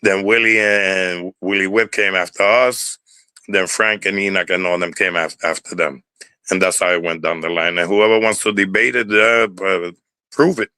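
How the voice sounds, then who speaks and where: Older bronx puerto rican guy rambling, repeats himself, low voice but bright and forceful, dry close sound. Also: steady tone, moderate pace, clear, resonant tone, dry recording, rough recording. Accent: New York Puerto Rican. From Bronx, New York. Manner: rambling, repeats words, drops curse words. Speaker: interview guest, former dancer. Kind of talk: casual storytelling interview.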